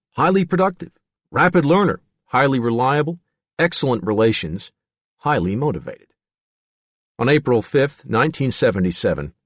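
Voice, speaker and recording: A man narrating an audiobook in an expressive, measured way. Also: medium pitch, dry recording.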